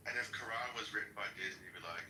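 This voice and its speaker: A man's voice: lowish voice, racing, echoey room, distant mic, noisy background. A man joking and interjecting in a casual online debate.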